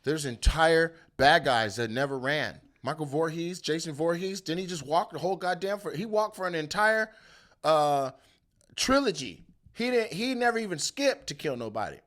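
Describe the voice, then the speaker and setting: Seorang pria sebagai komedian pembawa acara yang mengomentari berita dengan kasar, penuh umpatan, dan meledak-ledak dengan suara tiruan. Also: male voice, a little high, moderate pace. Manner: animated, profane, jumps into loud bits and mock voices. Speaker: comedian host. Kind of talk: comedic rant on the news.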